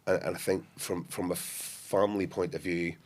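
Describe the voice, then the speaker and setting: A man's voice: low voice, moderate pace. A man with a Belfast accent, a guest actor chatting in a casual podcast interview, telling stories animatedly with frequent restarts. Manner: animated storyteller who acts out quotes with frequent restarts.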